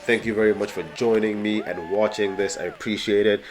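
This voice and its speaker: Deep-voiced congested man from Canada. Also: steady tone, a little fast. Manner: rambling, many fillers like "you know". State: congested with a cold. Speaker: bodybuilder vlogger. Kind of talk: casual voice-over commentary.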